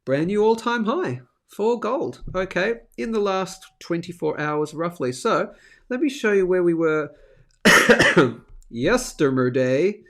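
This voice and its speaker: A man's voice: high-pitched, expressive, takes it slowly, fairly bright tone. Chatty Australian man hosting a live stream. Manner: chatty, upbeat, reads out viewer comments. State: sick with a throat infection, coughing. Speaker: host of a live stacking show. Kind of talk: casual live-stream chat.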